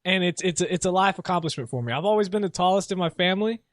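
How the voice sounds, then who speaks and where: A man's voice: high voice, animated, rapid-fire, dry recording, clean studio sound. A young man hosting a solo sports show, rambling casually and mocking himself as he rants. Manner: casual, rambling, self-mocking, laughs often. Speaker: sports podcast host.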